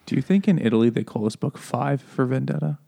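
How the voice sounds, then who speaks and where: A man's voice: medium pitch, animated, quick pace, creaky, dark tone, breathy edge. Joking, rambling man on a podcast. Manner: joking, laughs often, rambling with many fillers. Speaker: podcast co-host. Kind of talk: casual chat.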